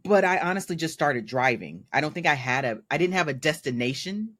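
A man's voice: on the high side, big pitch swings, brisk, fairly bright tone, dry recording. A man in his thirties from Mississippi, a guest telling stories in casual conversation and laughing often.

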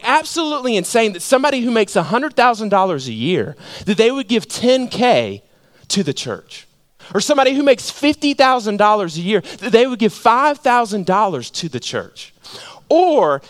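Male pastor, sermon delivery, easygoing slangy manner, lively swooping voice. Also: sits high. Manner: casual and animated, with slang fillers. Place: church sanctuary.

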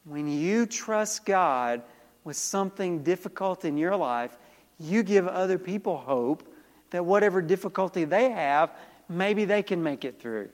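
A male pastor with a high voice preaches a sermon in a church sanctuary. His delivery is emphatic and he keeps calling out to the congregation for a response. A long reverb trails off his words. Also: expressive, measured pace.

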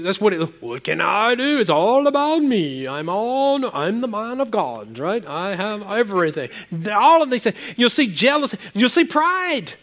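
A man preaching a sermon as a pastor, animated and rambling, often repeating words and swinging between loud exclamations and quiet asides. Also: very high-pitched.

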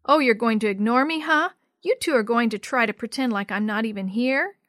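A woman's voice: on the high side, fairly quick, a bit bright, no echo, studio quality, natural voice. A woman voicing a teasing, nosy older brother in a storybook, needling his sisters.

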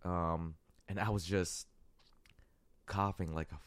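A sick man with a raspy, hoarse voice, rambling laid-back in a casual podcast chat and swearing often. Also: low-pitched, steady tone, normal speed, dry recording. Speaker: podcast co-host.

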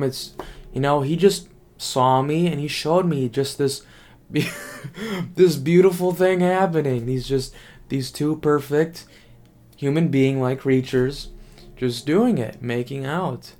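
A young man talking casually to camera as a vlogger, rambling and excitable, full of fillers and swearing. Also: on the high side, slow pace.

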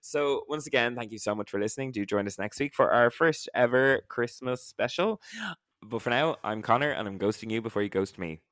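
A man's voice: mid-range voice, fairly quick, fairly bright tone, dry recording, studio quality. A man co-hosting a podcast in casual chat, joking, giggling often and swearing freely. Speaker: podcast co-host.

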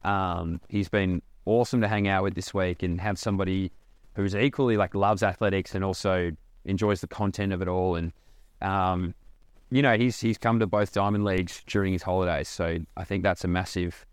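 A young Australian man rambling casually on his podcast, animated and swearing freely. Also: deep voice, moderate pace, clean tone, dry recording. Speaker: podcast host.

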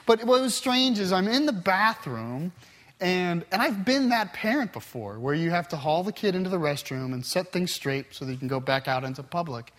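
A man's voice: a little high, a bit bright. A middle-aged man teaching a Bible class in a conversational way, telling a personal story earnestly with frequent restarts.

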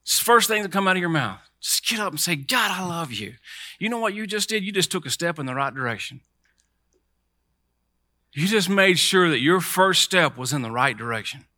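Bright-voiced middle-aged male preacher. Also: high voice, lively intonation, fairly quick, dry recording, clean studio sound. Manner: conversational preaching that leads the crowd in call-and-response. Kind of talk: sermon.

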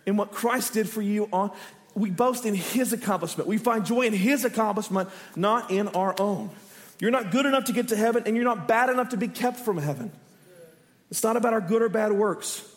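A man in his thirties from Texas, a pastor preaching with animated, self-deprecating stories. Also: high-pitched, moderate pace. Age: 30s. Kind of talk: sermon with humorous personal story. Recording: echoey church hall.

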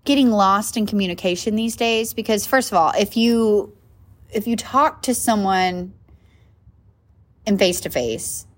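A woman hosting a solo podcast in a casual, chatty way, with lots of fillers and frequent asides asking "right?". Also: medium pitch. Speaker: podcast host and coach.

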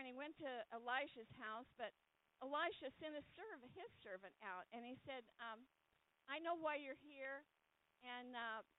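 A woman preaching a sermon, telling a story with energy and acting out the voices in it. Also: on the high side. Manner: animated, acts out the voices in the story. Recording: tinny phone-like sound.

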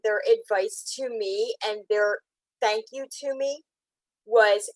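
A woman's voice: mid-range voice, no echo, rough recording. Podcast guest, woman, heartfelt and rambling, tearful edge, dry recording. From Pennsylvania. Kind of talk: emotional personal storytelling.

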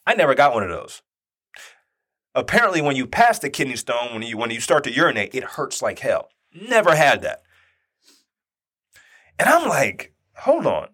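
A man's voice: medium pitch, moderate pace, pauses often. A man in his thirties telling a personal story in casual talk, acting out the quoted dialogue. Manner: animated, acts out quoted dialogue.

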